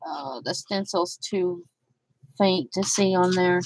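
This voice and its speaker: A woman's voice: on the low side, little pitch movement, slow, no echo, poor audio. A woman hosting a casual live crafting stream, chatting in a rambling way, greeting viewers by name and laughing often. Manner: laughs often, trails off with fillers. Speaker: craft channel host.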